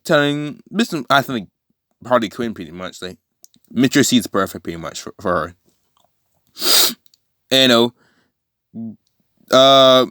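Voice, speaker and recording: Man, casual fan-story retelling, rambling, lots of fillers, mid pitch, dry close recording. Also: no echo. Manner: rambling, full of fillers and restarts.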